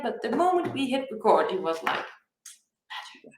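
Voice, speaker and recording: A woman's voice: a little high, sing-song, normal speed, fairly bright tone, roomy sound, poor audio. A woman co-hosting a business podcast, chatting casually with a lot of restarts. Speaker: podcast co-host.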